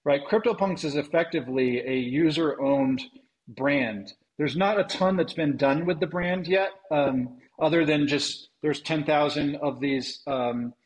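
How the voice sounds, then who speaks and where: A man, a venture investor, answering interview questions in a halting, thoughtful way with many ums and restarts. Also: fairly high pitch, low-quality recording.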